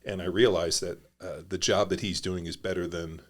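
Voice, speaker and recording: Middle-aged male guest with a very low voice, rambling, filler-heavy and profane. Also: fairly even intonation, normal speed. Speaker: podcast guest, former pro football player. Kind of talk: casual conversational storytelling.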